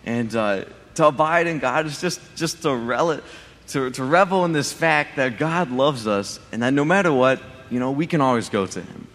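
A man's voice: mid-range voice, a bit bright, a little hiss or hum. Rambling man in a reverberant hall. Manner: rambling, full of restarts and "right?". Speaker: interviewee sharing a testimony. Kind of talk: casual storytelling.

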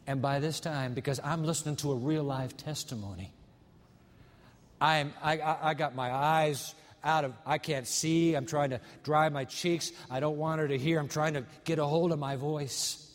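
A male pastor preaching a sermon, telling a story dramatically and slowing down on key words for emphasis. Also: on the high side, fairly even intonation, long reverb tail, a little hiss or hum.

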